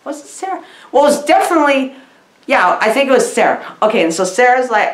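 A woman's voice: on the high side, sing-song, fast. Giggly, rambling woman reviewer, echoey room. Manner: rambling, giggly, playful and scatterbrained. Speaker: comedic movie reviewer. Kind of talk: silly comedic review vlog. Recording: roomy echo.

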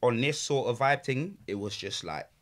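Slangy young man, bright voice. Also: mid-range voice, moderate pace, a little hiss or hum. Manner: slangy, animated, laughs often. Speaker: podcast guest. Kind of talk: casual chat.

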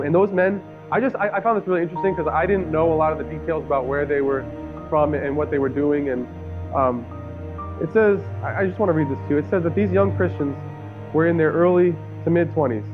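A young man in his twenties preaching a sermon, telling a story earnestly, often restarting his sentences. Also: a little high. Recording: tinny phone-like audio, faint guitar music.

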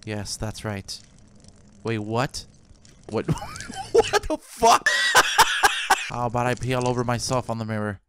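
A man giving profane, excitable commentary on a game he is playing, often breaking into loud laughter. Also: medium pitch, slow, pauses often, noisy background. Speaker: gaming video host. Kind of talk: let's play commentary. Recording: game sounds clearly behind the voice.

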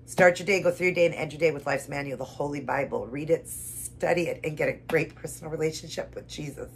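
This keto vlogger, a woman with a deep voice who talks fast, addresses viewers at home in an emotional devotional video that combines prayer, scripture reading and eating. She is earnest and tends to repeat herself, and a little hiss or hum runs under the audio.

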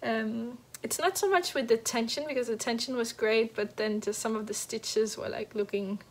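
A woman hosting a knitting podcast, chatting casually about her projects, halting with many fillers and restarts and a little out of breath. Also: a little high. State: slightly out of breath. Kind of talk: casual show-and-tell chat. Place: at home next to a heater.

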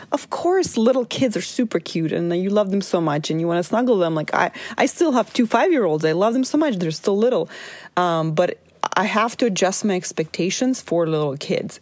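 Dry-voiced encouraging mom coach. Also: female voice, medium pitch, darkish tone, no echo. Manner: earnest, encouraging, laughs easily, many restarts. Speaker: parenting coach and podcast host. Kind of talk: casual solo podcast talk.

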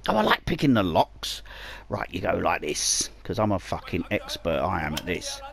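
A man giving profane, excitable commentary while playing a video game, muttering to himself. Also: deep voice, moderate pace, vocal fry, breathy edge, dry recording. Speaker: gamer. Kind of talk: profane let's play commentary.

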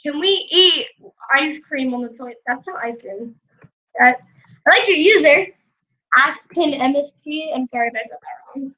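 A woman's voice: high-pitched, lively intonation, moderate pace, sharp tone, poor audio. A young woman giving casual, giggly commentary while playing a life-simulation game. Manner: giggly, chatty, often laughing. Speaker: gameplay vlogger.

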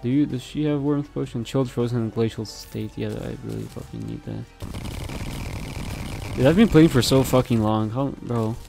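A young man talking over his gameplay in a mid-pitched voice, profane and excitable, cursing at nearly every turn. His reactions jump between loud outbursts and muttered complaints. Faint music plays underneath. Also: normal speed, creaky. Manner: profane, excitable, swears constantly and reacts loudly. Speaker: gameplay commentator. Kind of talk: casual gameplay commentary.

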